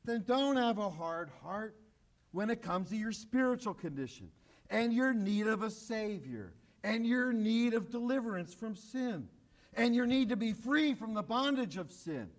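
A pastor preaching a sermon in an urgent, emphatic way, pressing the same call again and again. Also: male voice, high voice, expressive, measured pace. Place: church, broadcast on radio and online.

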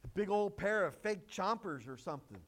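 A man's voice: sits high, lively intonation, normal speed, fairly bright tone. A man preaching a sermon, mixing conversational asides and rhetorical questions with emphatic, rising exclamations. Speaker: pastor.

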